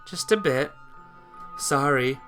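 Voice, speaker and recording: A man voicing a dizzy, slurring young woman in a game story, with soft, faltering, apologetic delivery. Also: mid-range voice, slow pace, music in the background, close to an everyday voice. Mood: weak, pleading.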